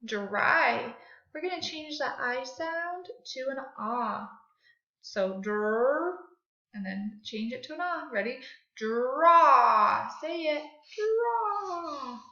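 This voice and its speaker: A woman leads young children through a phonics lesson, stretching each sound slowly so they can repeat it. Her voice sits high and bright. The recording is dull and lo-fi, with a noticeable room echo. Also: lively intonation. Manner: slow, exaggerated sounding out of words for children. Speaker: second grade teacher. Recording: echoey room, dull lo-fi audio.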